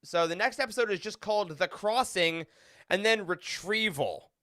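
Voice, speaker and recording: A man hosts a relaxed podcast roundtable with genuine enthusiasm, laughing often and breaking into animated asides. His voice is high and bright, his pace moderate, and the sound is dry with no room echo.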